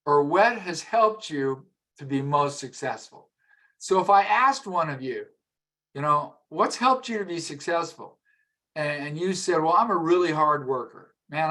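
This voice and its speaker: Middle-aged guy teaching a class, kinda high voice, chatty, keeps asking the room stuff. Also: sharp tone. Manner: conversational, repeats words, asks the audience questions. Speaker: emotional intelligence trainer. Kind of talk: live masterclass lecture.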